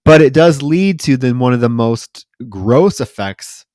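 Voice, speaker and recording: A man's voice: mid-range voice, lively intonation, unhurried, a little mellow, dry recording. A man co-hosting a podcast, casually recapping a film and acting out its lines with lots of fillers. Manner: retells scenes acting out lines, filler-heavy. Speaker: podcast co-host. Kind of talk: casual movie recap chat.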